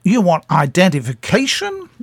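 A man imitating an elderly female film star, in a higher voice than his own. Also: measured pace, vocal fry, fairly bright tone, breathy edge, no room sound, clean studio sound, full character voice. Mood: incredulous.

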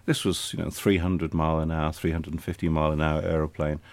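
Deep-voiced older man telling anecdotes. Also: little pitch movement, fast talker, vocal fry, a little mellow. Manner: anecdotal, dry humour. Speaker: interview guest, retired air force officer. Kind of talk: reminiscing in conversation.

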